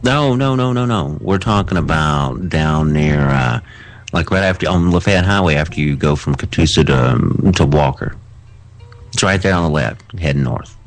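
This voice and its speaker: A man's voice: a bass voice, normal speed, soft background music. A man with a Southern American accent, co-hosting a casual radio chat and telling rambling stories with casual swearing. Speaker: radio show co-host.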